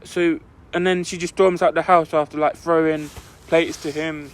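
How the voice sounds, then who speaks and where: At a moderate pace, a young male podcast co-host rambles through a lengthy story, his speech full of "like." His voice is a little high and his tone level.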